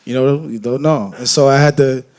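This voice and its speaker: A man from Detroit talking candidly on a festival stage, telling animated, profane, joking stories and acting out voices. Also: medium pitch, moderate pace. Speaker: guest musician on stage. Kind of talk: candid onstage conversation. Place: festival main stage before an audience.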